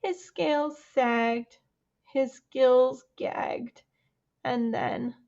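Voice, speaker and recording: A woman librarian reading a picture book aloud to children, chatty and animated, asking them questions along the way. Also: high voice, very slow, gravelly, muffled recording. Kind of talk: storytime read-aloud for children.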